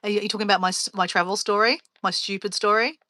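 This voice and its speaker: A woman's voice: medium pitch, fairly even intonation, rapid-fire, pushed and bright, no echo. A woman hosting a casual live stream as a travel vlogger, telling rambling stories and laughing often.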